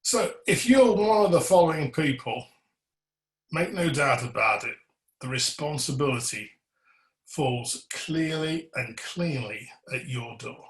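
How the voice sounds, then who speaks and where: A man's voice: on the high side, lively intonation, a little slow. A man presenting a webinar on electrical compliance, earnest and emphatic, putting pointed questions to his audience and cueing slides to a colleague. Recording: roomy echo.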